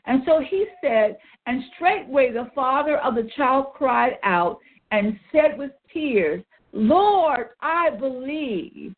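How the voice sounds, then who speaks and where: A woman's voice: high voice, expressive, slow pace. A woman leading a Bible study, reading old-style scripture and then explaining it earnestly. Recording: tinny phone line.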